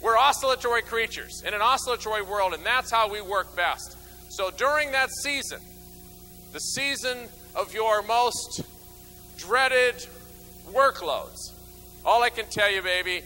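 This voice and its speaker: A man giving an energetic motivational talk from a stage, acting out little scenes and swinging from loud bursts to low mutters. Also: poor audio. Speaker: motivational speaker. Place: stage before an audience.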